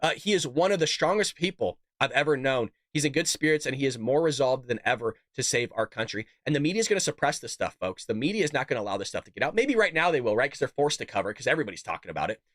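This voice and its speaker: A man's voice: medium pitch, sing-song, rapid-fire, few pauses, a bit bright, no echo, clean studio sound. A man hosting a political commentary show, combative and emphatic, talking straight to his viewers and reading out quotes. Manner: reads out quotes and tweets.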